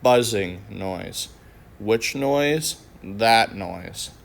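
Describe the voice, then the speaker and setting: A man's voice: lowish voice, lively intonation, very slow, vocal fry. A man teaching a grammar lesson, walking through each sentence with patient questions and answers.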